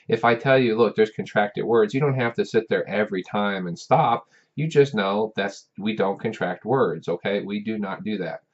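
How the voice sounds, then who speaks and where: A man with a very low voice talks straight to his students in a loose, rambling way, often restarting and repeating words. The recording is dull and lo-fi. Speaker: professor. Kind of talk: casual talking-head advice.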